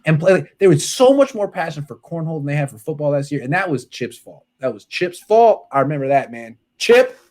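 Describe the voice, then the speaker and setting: A man hosting a sports podcast, telling stories in casual chat with sudden loud outbursts and muttered asides. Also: on the high side, fairly quick, few pauses. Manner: excitable storyteller, jumps between loud outbursts and muttered asides.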